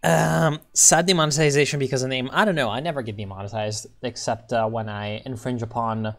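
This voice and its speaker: A man's voice: mid-range voice, steady tone, normal speed, few pauses. A man live-streaming a strategy game, chatting crudely with viewers and reading in-game text aloud, with sarcastic asides and frequent swearing.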